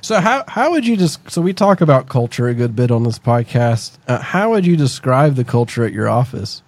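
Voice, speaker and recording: A man's voice: medium pitch, sing-song, a little fast, a little mellow, no echo. Male co-host, blunt and wry, dry close-miked voice. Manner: blunt, joking. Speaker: podcast co-host. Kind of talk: casual interview chat.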